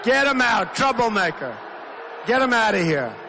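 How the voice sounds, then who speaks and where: A man's voice: high-pitched, very animated, moderate pace. A man in his sixties giving an off-the-cuff campaign rally speech, emphatic and repetitive, interrupted by hecklers. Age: 60s. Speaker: political candidate speaking at a rally. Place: large indoor rally venue. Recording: reverberant hall with faint crowd noise.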